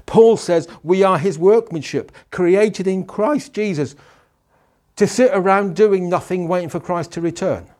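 A male pastor preaching a sermon, asking rhetorical questions and pausing for emphasis. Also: sits high, a little mellow.

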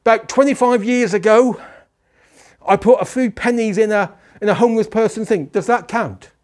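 A male pastor preaching a sermon, asking rhetorical questions and pausing for emphasis. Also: sits high, darkish tone.

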